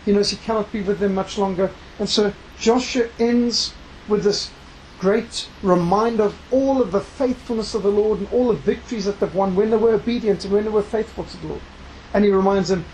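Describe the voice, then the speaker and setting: Emphatic preacher with a mid-pitched voice. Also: a little mellow, slight background noise, low-quality recording. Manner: emphatic, slows down to stress key words; reads scripture aloud within the talk. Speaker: preacher and missionary. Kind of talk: sermon.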